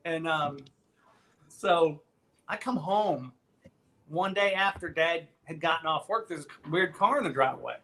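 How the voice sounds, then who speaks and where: Animated, profane storyteller in his fifties. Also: fairly high pitch, measured pace. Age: 50s. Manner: animated, profane, jumps between voices. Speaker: podcast host. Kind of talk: casual storytelling.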